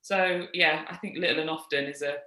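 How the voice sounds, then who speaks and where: Bright British woman in a roomy space. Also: low voice, fairly quick. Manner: encouraging, steady advice. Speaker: guest. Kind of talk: casual group discussion.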